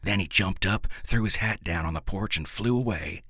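Brief: male narrator, deep and husky, folksy deadpan storytelling, dry close mic. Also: normal speed, dry recording. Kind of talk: storytelling reading in folksy dialect.

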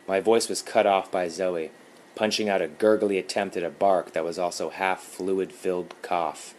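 A man narrating a horror story in a calm, measured reading. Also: sits low.

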